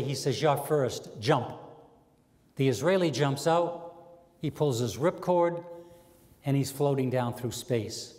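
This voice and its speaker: A man's voice: mid-range voice, darkish tone. Joke-telling New man in a reverberant hall. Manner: storytelling with quoted character voices and chatty asides. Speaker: stand-up comedian. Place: community access TV stage, live audience.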